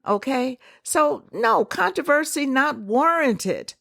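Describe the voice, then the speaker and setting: A woman hosting a solo podcast, giving her opinions in a conversational, emphatic way with quick asides. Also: high voice, animated, vocal fry, a bit bright, dry recording, clean studio sound. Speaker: podcast host.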